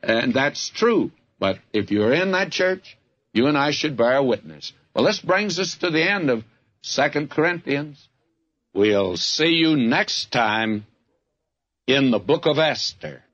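A man's voice: medium pitch, expressive, takes it slowly, a bit bright, highs cut off. An older man with a Southern US accent, preaching a folksy, fervent radio sermon that keeps calling the listener "friend". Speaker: radio Bible teacher.

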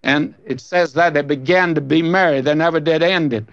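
A man's voice: a little high, normal speed, a bit bright, dry recording. A man preaching a sermon as a pastor, telling a story in a folksy, conversational way. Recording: dull, dry lo-fi recording.

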